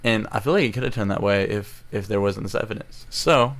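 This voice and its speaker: A man's voice: fairly quick, fairly bright tone. Rambling teenage boy, earbud mic. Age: teens. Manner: rambling, restarts often, emotional. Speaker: vlogger. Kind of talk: casual storytelling vlog. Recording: low-quality recording.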